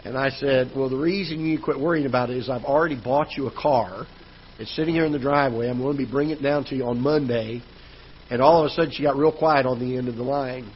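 A pastor preaching a sermon in a church auditorium, telling a personal story in a relaxed, conversational way. His voice sits at a middling pitch for a man. The live broadcast sound is a little dull, with a faint hum of the room behind him. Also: fast talker. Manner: storytelling, conversational, with repeated restarts.

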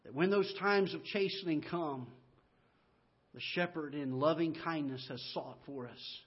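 A middle-aged male pastor preaching a sermon in a church, telling folksy stories that swing from loud to hushed. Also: a little high, a little slow, slightly rough, highs cut off. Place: church sanctuary.

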